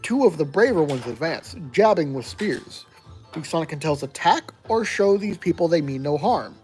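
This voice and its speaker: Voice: medium pitch, expressive, normal speed, darkish tone, husky. Wry gamebook reader over faint music. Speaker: player and narrator. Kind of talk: reading a gamebook aloud and playing it.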